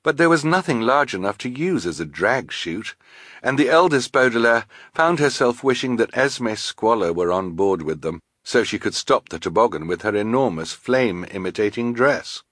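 A man narrating an audiobook with a wry, expressive reading. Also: mid-range voice, normal speed, no echo, studio quality. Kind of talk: scripted narration.

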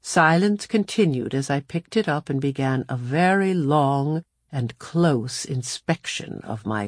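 A woman narrating a storybook in the first person, in a measured, unhurried way. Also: deep voice, breathy edge, dry recording, studio quality. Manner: measured, unhurried storytelling with lively shifts for dialogue. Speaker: audiobook narrator.

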